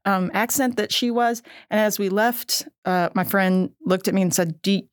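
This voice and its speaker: A woman's voice: medium pitch, little pitch movement, normal speed, hardly any pauses, dry recording, clean studio sound. A middle-aged woman co-hosting an educational podcast, chatty and self-deprecating, laughing at herself often. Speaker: podcast co-host. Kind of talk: casual educational podcast chat.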